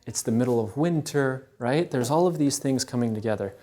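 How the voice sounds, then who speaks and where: A man giving a storytelling talk at a Catholic event, conversational and animated, often checking in with the audience. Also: mid-range voice, fairly quick.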